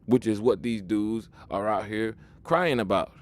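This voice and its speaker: Speaking a little slowly in a voice on the low side, this video commentator gives a casual spoken monologue. He pushes his point emphatically, even preachily, frequently repeating words and starting over.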